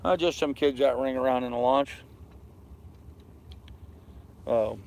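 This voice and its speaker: A man's voice: mid-range voice, brisk, gravelly, a little mellow. A tired man in his fifties chatting casually on a live stream from his anchored sailboat, rambling easily and answering viewers' comments. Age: 50s. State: tired, yawning. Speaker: sailing vlogger reading live chat.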